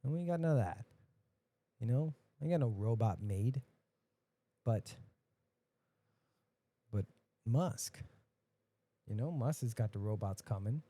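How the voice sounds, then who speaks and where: A podcast host, a man, ranting casually and profanely, dropping to mutters and then bursting out loud. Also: mid-range voice, lively intonation, a little slow, pauses often. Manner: profane, ranting, swings between mutters and outbursts.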